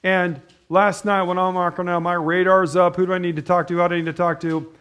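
A man's voice: high-pitched, little pitch movement, a little fast, fairly bright tone, smooth. Rambling, conversational preacher man. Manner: rambling, conversational, with frequent restarts and asides. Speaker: pastor. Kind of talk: informal sermon with storytelling.

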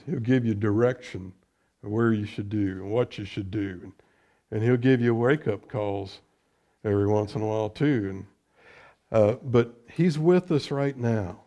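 Middle-aged male pastor, mellow voice, sermon that swings between loud scripture and soft asides. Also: medium pitch, measured pace. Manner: preaching with loud rises on scripture, dropping to quiet conversational asides.

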